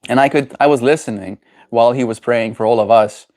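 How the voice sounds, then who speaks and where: A man streaming live, reading viewer messages aloud and answering them in a soft, reflective way. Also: medium pitch, a little fast. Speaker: daily livestreamer. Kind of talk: casual livestream chat.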